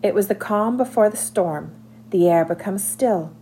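A woman narrating a children's novel aloud in an expressive, scripted reading. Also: mid-range voice, moderate pace, a little hiss or hum. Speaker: audiobook narrator.

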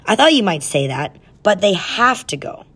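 A woman voicing a bright, clever young girl in a storybook reading. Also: mid-range voice, sing-song, normal speed, husky. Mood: scheming. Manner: bright, chatty.

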